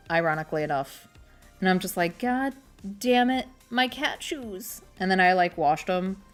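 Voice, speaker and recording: A young woman with a fairly low voice chats in a loose, rambling way, cracking jokes at her own expense. Soft music plays faintly behind her. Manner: rambling, chatty, self-deprecating. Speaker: streamer. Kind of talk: casual chat while crocheting.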